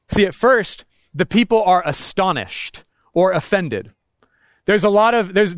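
Male pastor, high voice, dry close sound; casual, slangy, emphatic sermon delivery. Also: no echo. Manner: casual, slangy and emphatic, with frequent "right?" asides. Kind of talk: conversational sermon.

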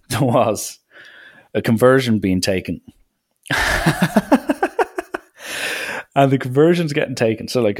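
An Irish podcast host tells stories in a casual, chatty way. His voice sits a little low for a man. He fills his talk with "like" and keeps it loose and animated. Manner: chatty, animated, full of "like" and acted quotes. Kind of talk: casual storytelling.

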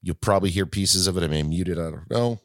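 Low-voiced rambling male podcast host. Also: quick pace, no room sound, clean studio sound. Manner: rambling, self-correcting, chatty. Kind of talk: casual solo podcast talk.

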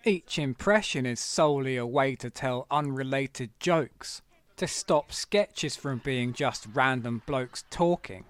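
A man giving scripted, wry narration as a video essayist. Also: medium pitch. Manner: wry, measured commentary.

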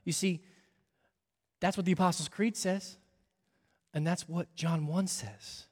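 A pastor preaching a sermon, swinging from hushed near-whispers up to ringing, almost shouted climaxes. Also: male voice, sits high, fairly even intonation, unhurried, long reverb tail.

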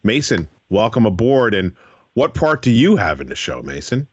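Lively-voiced male radio host. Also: lowish voice, normal speed, slightly rough, dry recording, lo-fi sound. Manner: encouraging, asks children gentle follow-up questions. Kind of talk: radio interview with schoolchildren. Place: radio studio.

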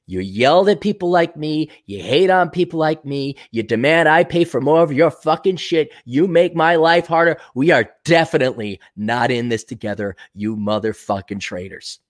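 A man's voice: a little high, normal speed, hardly any pauses. A man hosting a podcast, giving a sarcastic, profane, combative rant on the news and mocking the people he talks about. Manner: mocking, laughs at his own jokes. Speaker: podcast host. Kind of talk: ranting news commentary.

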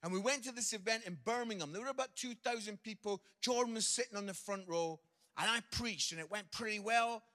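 Scottish male preacher, middle-aged, comic storyteller, bright forceful tone. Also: high voice, brisk. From Scotland. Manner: jokey, animated, lively anecdotes. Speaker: visiting preacher and comedian. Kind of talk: humorous sermon storytelling.

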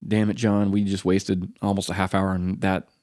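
A man from the United States co-hosting a podcast, telling a story in a lively way and acting out the quotes. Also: low voice, normal speed, noisy background. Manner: animated storyteller, acts out quotes. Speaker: podcast co-host. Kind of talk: casual podcast chat.

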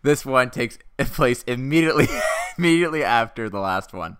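A young man co-hosting a casual chat, pitching a silly movie sequel, laughing often and acting out the characters he quotes. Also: expressive, moderate pace, fairly bright tone, smooth, no room sound, clean studio sound. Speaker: podcast co-host.

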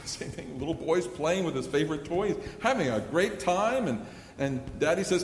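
Fairly high-pitched and expressive, this man speaks at a moderate pace over slight background noise. He's a middle-aged pastor whose sermon relies on earnest storytelling, including acting out a child pleading, all echoing through a hall with long reverb.

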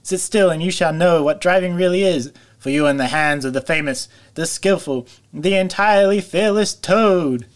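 A man's voice: a little high, lively intonation, moderate pace, pitched above the performer's own voice, close to an everyday voice. A man voicing a boastful, reckless male toad in a storybook reading, with a raised, showy voice. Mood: boastful shouting. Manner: boastful, shouting.

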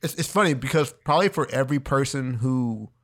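A man co-hosting a podcast in casual chat, relaxed, laughing often and saying dude a lot. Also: mid-range voice, fairly quick. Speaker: podcast co-host.

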